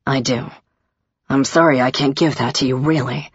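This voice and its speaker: A woman narrator voicing a gentle, earnest young male prince who speaks softly and tenderly, on a dull lo-fi recording. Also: mid-range voice, fairly even intonation, normal speed, husky, dry recording. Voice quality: soft-spoken, tender.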